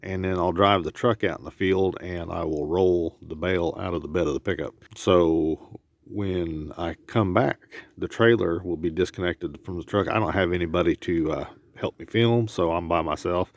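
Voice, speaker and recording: A man's voice: low voice, normal speed, gravelly, no echo. A middle-aged man casually narrating his farm chores outdoors, rambling with lots of fillers, recorded on a handheld camera. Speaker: homesteader vlogger. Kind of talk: casual vlog narration while doing chores. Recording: noisy outdoor camera audio. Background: animals and a vehicle.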